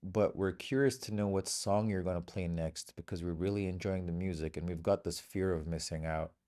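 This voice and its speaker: A man's voice: low-pitched, fairly quick, warm tone. A middle-aged man from Bahrain, a comedian guest telling stories in casual chat and acting out the voices of people he quotes.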